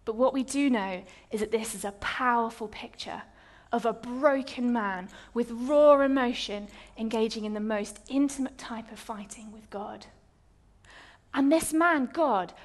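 Woman, preacher, high voice, lively storytelling, sermon. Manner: lively storytelling, dramatic pauses.

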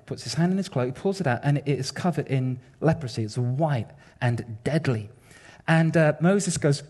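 High-voiced, wry preacher man. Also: moderate pace. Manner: animated, wry and conversational. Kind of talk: sermon.

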